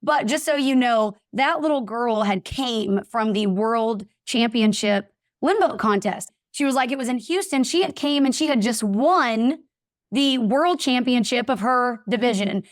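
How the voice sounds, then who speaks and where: A woman's voice: on the high side, measured pace, no room sound, clean studio sound. A woman guest telling a personal story in a casual interview, acting out the voices of people in it. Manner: animated, acts out voices in her anecdotes. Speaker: podcast guest.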